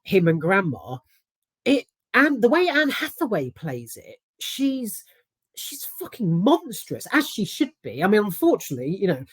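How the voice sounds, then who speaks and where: A woman's voice: mid-range voice, huge pitch swings, moderate pace, slightly rough, dry recording. A woman giving a casual, rambling spoken film review, emphatic and swearing freely.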